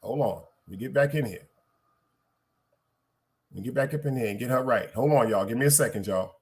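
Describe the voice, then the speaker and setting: Speaking briskly in a mid-range voice, a man from Brooklyn, New York, with the accent to match, runs a live podcast stream. He rambles casually and swears freely, talking straight to his audience.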